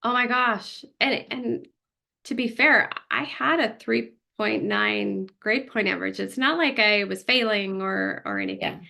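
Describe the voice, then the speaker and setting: A woman co-hosting a casual podcast as a therapist, telling stories in an animated way and acting out her own past thoughts. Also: mid-range voice, unhurried, gravelly.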